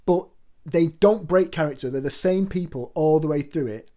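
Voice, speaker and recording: A man's voice: a little high, normal speed, dark tone. A man co-hosting a casual podcast, chatty and teasing with lots of restarts. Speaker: podcast co-host.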